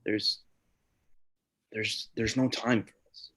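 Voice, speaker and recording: A man playing a husky, guilt-ridden father. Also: lowish voice, steady tone, slow, sharp tone, exaggerated voice. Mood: defensive. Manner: hesitant, pleading, mixes Spanish words. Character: guilt-ridden jobless father caught cheating. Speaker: stage actor. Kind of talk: live student stage drama. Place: theatre stage.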